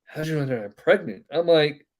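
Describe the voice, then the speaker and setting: Male podcast host, somewhat high-pitched, casual rambling storyteller who fills pauses with "uh.". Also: lively intonation. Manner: rambling, many "uh" fillers, acts out quoted voices.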